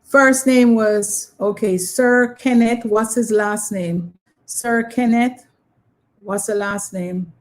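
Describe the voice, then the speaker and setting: A woman's voice: mid-range voice, steady tone, slow. A woman hosting a live online trivia quiz, patiently repeating her questions and prompting viewers. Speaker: quiz host.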